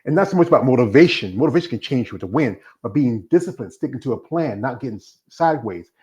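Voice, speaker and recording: A man's voice: mid-range voice, animated, fast talker, darkish tone, muffled recording. A man hosting a casual interview, rambling and slipping into acted-out quotes. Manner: rambling, acts out quoted voices.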